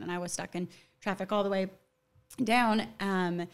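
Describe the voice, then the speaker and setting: A young woman talks casually as a podcast guest. She keeps up a chatty flow packed with "like", and her voice sits at an average pitch. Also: steady tone, moderate pace, clean tone. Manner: chatty, fills talk with "like". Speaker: actor guest.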